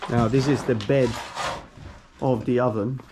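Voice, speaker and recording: A man's voice: mid-range voice, fairly even intonation, unhurried, background noise. A man hosting a vlog, enthusiastically walking viewers through properties and building work and explaining as he goes. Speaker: property consultant vlogger.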